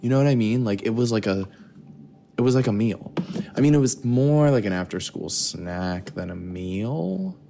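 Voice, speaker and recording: A man's voice: fairly low pitch, expressive, normal speed, vocal fry, slight background noise. An American young man hosting a podcast, rambling and joking with lots of swearing while snacking in his kitchen at night, recorded on a phone. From United States. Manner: profane, jokey, talks quietly with sudden loud bursts. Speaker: podcast host.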